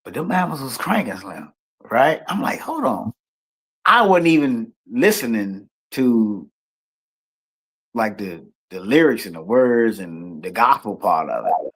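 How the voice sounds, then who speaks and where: Husky and on the low side, this middle-aged man's unhurried voice carries a Washington D.C. accent. As a guest musician in a casual, slang-heavy interview, he tells stories animatedly and performs the voices of people he quotes.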